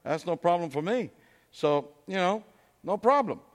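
A man's voice: high voice, lively intonation, moderate pace, pitched above the performer's own voice. A man voicing a farm chicken who breezily shrugs off a warning, told within a sermon story. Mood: dismissive. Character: carefree farm chicken, unbothered and dismissive. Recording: long hall reverb.

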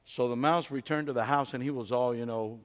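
A man's voice: medium pitch, steady tone, fairly quick. A man preaching a sermon in a conversational way, telling stories and asking rhetorical questions in a church hall. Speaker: pastor. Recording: long hall reverb.

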